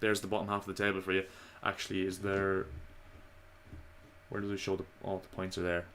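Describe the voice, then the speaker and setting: A man giving casual, opinionated football commentary to his viewers, slightly hoarse. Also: deep voice, completely flat delivery, brisk, fairly bright tone, a little hiss or hum. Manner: chatty, opinionated, addresses viewers as lads. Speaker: football vlogger.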